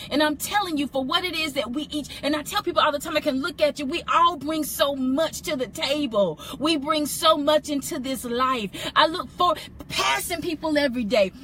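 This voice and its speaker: Brief: high, bright-toned woman co-host, preacherly and emphatic, drives call-and-response. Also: slight background noise. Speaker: co-host of inspirational show. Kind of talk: preacherly inspirational talk.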